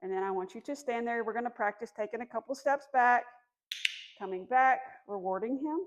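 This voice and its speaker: A woman dog trainer walks through puppy commands step by step. Her voice sits fairly high. She explains each step plainly, like a teacher running an outdoor lesson. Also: a little fast, lo-fi sound. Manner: firm commands, soft praise for the dog. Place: outdoors in a yard.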